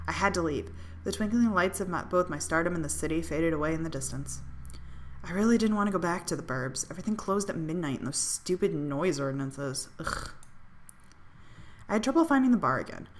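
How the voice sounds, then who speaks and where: Streamer, woman, reads story-game narration with bite and attitude, low-pitched. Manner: expressive, sardonic, swears freely. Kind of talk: dramatic reading of a visual novel.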